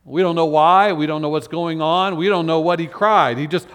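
A man's voice: fairly high pitch, steady tone, normal speed, few pauses, fairly bright tone. A man preaching a sermon as senior pastor, talking to his congregation in a loose, conversational way with frequent restarts and fillers. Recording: church hall with long reverb.

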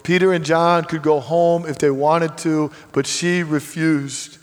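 Guy preaching, earnest, goes quiet then builds up loud, slightly high voice, big echoey hall. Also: steady tone, a little slow. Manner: earnest, swings from hushed to emphatic. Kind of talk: sermon. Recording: long hall reverb.

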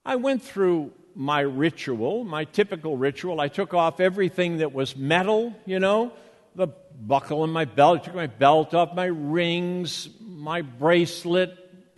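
Unhurried older Boston preacher, lively voice. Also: male voice, on the high side, big-room sound. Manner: storytelling, conversational, with rhetorical questions. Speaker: pastor. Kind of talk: sermon.

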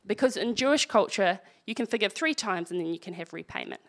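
A woman's voice: medium pitch, expressive, fast talker, few pauses. A woman preaching a sermon, reading scripture aloud and breaking in with wry, conversational asides.

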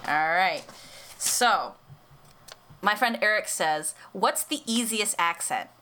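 A woman's voice: mid-range voice, expressive, slow pace, bright, forceful tone, a little hiss or hum. Giggly American woman chatting. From United States. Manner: chatty, giggly, lots of fillers and restarts. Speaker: co-host. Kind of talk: casual podcast chat.

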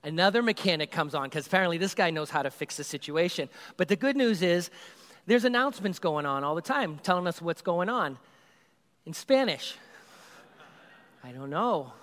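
A man, a youth group leader, telling a comedic story in an animated, rambling way and acting out the scenes. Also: fairly high pitch. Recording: reverberant hall.

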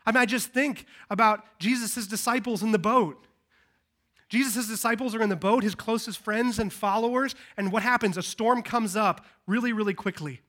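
A man giving a live Christmas sermon as pastor in a church, preaching emphatically, swinging from loud to hushed, into a handheld microphone. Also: high-pitched, moderate pace. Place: church service.

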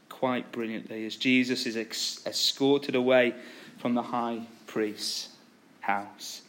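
A man preaching a sermon, retelling a story with animated, acted-out quotes. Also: medium pitch.

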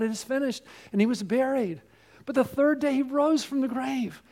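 Man, high voice, pastor preaching, earnest repeated refrains, direct appeals. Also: a little mellow. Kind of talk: sermon.

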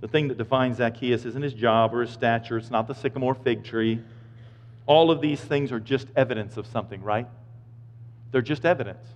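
A male pastor preaching a sermon, swinging from loud, emphatic points to quiet, low asides. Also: a little fast. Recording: echoey hall, slightly dull sound.

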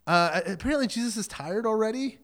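A man preaches a sermon in a loose, conversational way, cracking jokes along the way. His voice sits a bit high for a man. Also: animated, fast, fairly bright tone. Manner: casual, joking storyteller who acts out quotes. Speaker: pastor.

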